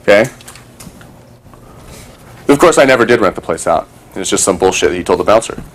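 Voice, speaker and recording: A man's voice: fairly low pitch, expressive, fairly quick. A man talking casually to a small group, telling a story and acting out other people's voices, swearing freely.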